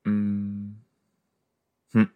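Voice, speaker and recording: A man's voice: on the low side, monotone, extremely slow, smooth, phone-quality sound, faint music behind. A man hosting a podcast, chatting casually as he reacts to an episode he is watching, with frequent exclamations and groans of disgust. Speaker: podcast host.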